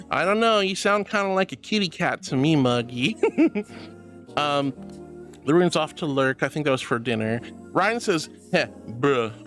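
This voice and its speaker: A woman streams from a virtual reality setup, reading her chat out loud and fussing over viewers. She's affectionate and bubbly, calling everyone honey and sweetie and greeting people with high-pitched squeals.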